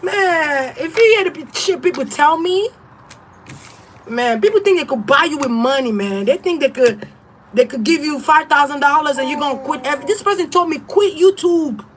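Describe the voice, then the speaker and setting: A woman's voice: high-pitched, lively intonation, normal speed, a little hiss or hum. A woman tarot reader ranting on a casual livestream, blunt, profane and defiant, laughing often.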